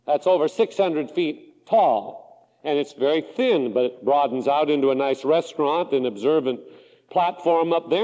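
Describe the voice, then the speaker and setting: A man from the Pacific Northwest preaching a sermon, with a high, lively voice that swings dramatically, recorded in a church sanctuary with long reverb.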